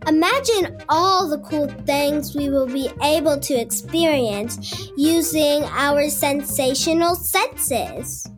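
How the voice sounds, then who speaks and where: A woman's voice: high-pitched, slow, soft background music. A woman voicing an eager, cheerful, curious little girl in a children's cartoon. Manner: eager and bubbly.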